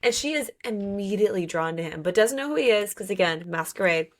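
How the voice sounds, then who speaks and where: A woman hosting a book podcast, recapping a story in a casual, animated way, full of "like" and playful swearing. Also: medium pitch, fairly quick.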